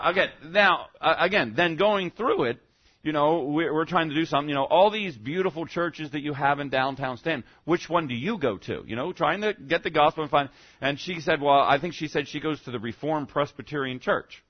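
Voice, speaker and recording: A man's voice: fairly high pitch, lively intonation, brisk, muffled recording. A male pastor giving a rambling, conversational sermon, full of rhetorical questions and repeated "okay?" checks with the congregation. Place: church service.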